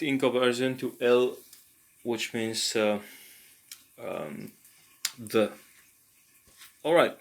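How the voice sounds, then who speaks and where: Male, mid-pitched, slow and halting, casual lesson commentary. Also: fairly bright tone. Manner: slow, halting, thinking aloud with fillers. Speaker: language learner and tutor.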